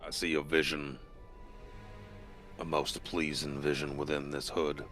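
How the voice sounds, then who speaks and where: A man voicing a vain, sinister cleric who speaks slowly in a hushed, grandiose voice. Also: very deep voice, little pitch movement, soft background music, voice pushed down. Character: vain, sinister male cleric with a dark eye.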